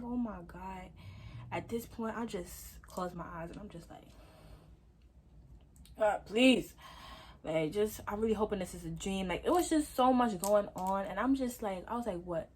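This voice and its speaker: A young adult woman telling a personal story in a casual, lively vlog style, with lots of fillers. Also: mid-range voice, slight background noise. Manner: lively, chatty, full of fillers. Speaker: vlogger.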